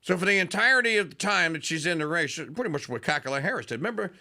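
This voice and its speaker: A male radio host rants through a sarcastic political monologue and mocks the people he talks about. His pitch swoops all over, and his tone is bright and forceful. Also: animated, fast. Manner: sarcastic, mocking, mimics politicians in put-on voices. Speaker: radio talk show host.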